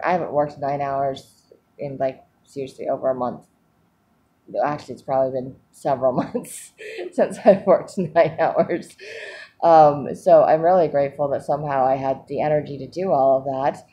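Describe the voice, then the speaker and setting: A woman with a low, mellow voice talks through her day in a rambling, candid video diary, laughing often. A faint hiss of background noise sits under her voice. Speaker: vlogger.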